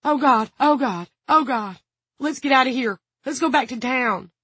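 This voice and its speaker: A man's voice: very high voice, normal speed, bright, forceful tone, slightly rough, no echo, pitched above the performer's own voice, full character voice. A woman voicing a panicky, pudgy male ex-prison guard who shrieks and pleads frantically. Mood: panicked.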